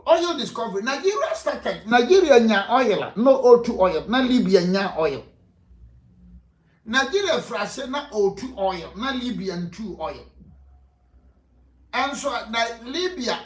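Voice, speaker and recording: A man's voice: extremely high pitch, lively intonation, a little slow, echoey room. A man with a Ghanaian accent giving impassioned, rhetorical interview answers, often laughing between points. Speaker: political guest. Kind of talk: impassioned interview answers mixing Twi and English.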